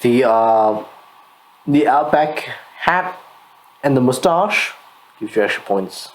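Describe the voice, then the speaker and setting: A drunk man co-hosting a casual chat, tipsy and loud, swearing freely. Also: mid-range voice, expressive, slow pace, poor audio. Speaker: co-host reviewing painted miniatures.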